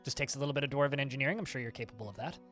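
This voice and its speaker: A man's voice: mid-range voice, a bit bright, faint music behind. A man casually chatting with his livestream viewers, answering their questions as he plays a game. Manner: chatty, fast-talking, answers chat questions. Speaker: streamer.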